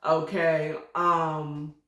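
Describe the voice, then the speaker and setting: A woman's voice: low voice, little pitch movement, very slow, pushed and bright, reverberant. A woman hosting a casual solo morning chat podcast, rambling and chatty with prayerful asides. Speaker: podcast host.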